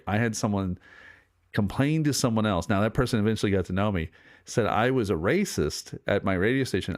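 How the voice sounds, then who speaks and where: Brief middle-aged male host, low voice, dry close sound, casual rambling commentary. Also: no room sound. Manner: rambling, digressive, with many fillers and restarts.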